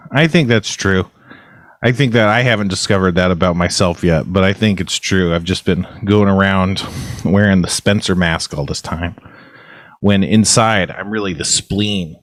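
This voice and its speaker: A man co-hosting a comedy podcast, chatting casually in a rambling, deadpan way. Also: on the low side, no echo, studio quality. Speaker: podcast co-host.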